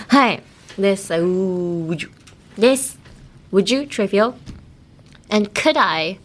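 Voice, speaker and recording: A woman's voice: medium pitch, animated, slow pace, long pauses, slight background noise. A young woman hosting a casual bilingual language lesson, playful and giggly, drilling words over and over. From United States. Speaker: podcast host, English teacher.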